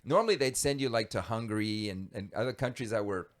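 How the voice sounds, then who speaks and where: A man telling a story from his past as a podcast guest, animated and quick to laugh. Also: lowish voice. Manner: animated, lively storyteller who laughs easily. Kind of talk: conversational storytelling.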